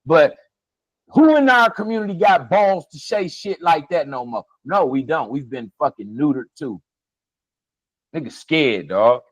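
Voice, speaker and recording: A man's voice: fairly high pitch, lively intonation, unhurried, no echo, low-quality recording. A man co-hosting a heated casual conversation, talking emphatically, swearing and laughing often. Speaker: podcast co-host.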